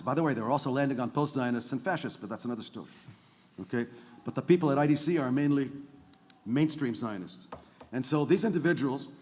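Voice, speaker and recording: A man speaking on a conference panel, making emphatic points and tagging them with "okay?" and "by the way". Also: mid-range voice. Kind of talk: panel discussion talk. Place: large conference hall. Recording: long hall reverb.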